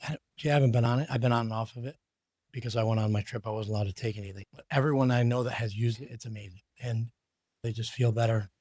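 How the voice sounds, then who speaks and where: A man's voice: medium pitch, fast talker, darkish tone, no echo, clean studio sound. A man on a podcast, speaking hesitantly and modestly in casual chat. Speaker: podcast guest.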